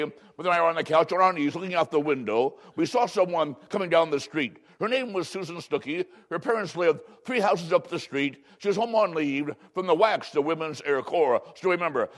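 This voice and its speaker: A man from Illinois preaching a sermon, reading scripture solemnly and stretching out words for dramatic emphasis. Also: a little high. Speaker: pastor.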